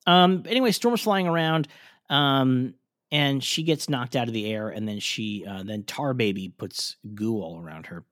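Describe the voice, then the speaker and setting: A man's voice: mid-range voice, moderate pace, a bit bright, no echo, clean studio sound. A man co-hosting a podcast, recapping a cartoon episode in loose casual chat, rambling with fillers and restarts and swearing now and then. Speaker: podcast co-host.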